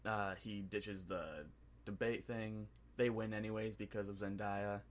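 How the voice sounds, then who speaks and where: A man co-hosting a casual movie review podcast, excitedly recapping scenes and slipping into quick impressions of the characters. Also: on the low side. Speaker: podcast co-host.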